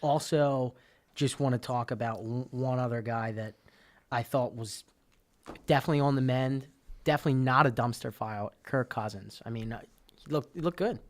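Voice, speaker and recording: A man's voice: medium pitch, normal speed. A man co-hosting a casual sports podcast, rambling and stumbling over his words, swearing now and then. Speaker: podcast co-host.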